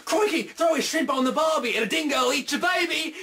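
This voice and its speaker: A man putting on an exaggerated fake Australian accent, shouting over the top as a cartoonish Aussie bloke. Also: very high-pitched, animated, brisk, over music, pitched above the performer's own voice. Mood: boisterous.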